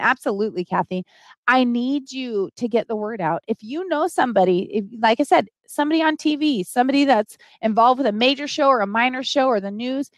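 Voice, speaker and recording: A middle-aged woman hosts a casual live stream, speaking earnestly and pleading with her viewers. Her voice sits a little high. The sound is dry and close, with no room echo.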